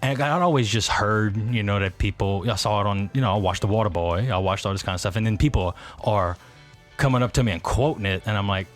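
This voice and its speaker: A man with a South Louisiana accent co-hosts a casual podcast in a fairly low voice. He tells stories quickly and laughs often, while faint music plays behind him. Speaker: podcast co-host.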